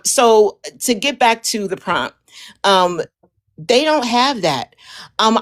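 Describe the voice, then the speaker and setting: A woman speaking on a casual panel, telling a family story with lively quotes and frequent restarts. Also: a little high. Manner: storytelling, animated quoting, many restarts.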